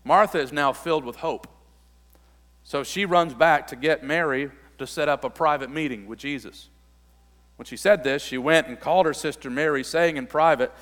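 A man preaching a sermon, reading scripture aloud and then explaining it, building to emphatic, forceful peaks. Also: fairly high pitch, long reverb tail. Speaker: pastor.

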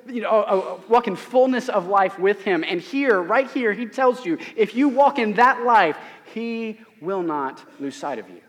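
A man preaching a sermon to his congregation, earnest and emphatic, often asking rhetorical questions. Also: high voice. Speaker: pastor. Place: church sanctuary. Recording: long hall reverb.

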